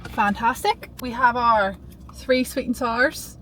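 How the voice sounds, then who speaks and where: Bubbly, high-voiced young woman vlogger. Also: takes it slowly, a little hiss or hum, low-quality recording. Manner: bubbly, rambling, easily excited. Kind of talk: casual chatty vlog.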